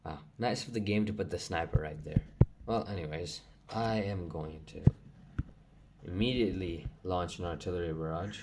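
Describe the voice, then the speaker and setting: Young man, very low voice, gameplay commentary, excitable, noisy recording with clicks. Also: normal speed. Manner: excitable, swears when frustrated. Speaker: gaming channel host.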